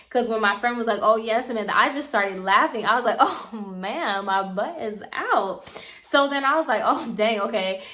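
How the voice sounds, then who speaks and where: A young woman vlogger telling a casual storytime in a slangy, animated way, acting out the voices of the people she quotes. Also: a little high. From Puerto Rican heritage.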